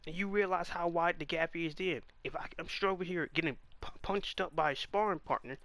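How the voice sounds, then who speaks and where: A man's voice: high voice, fairly bright tone, dry recording. A man giving casual commentary on a comic chapter, exasperated and firing off rhetorical questions. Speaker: manga reaction host.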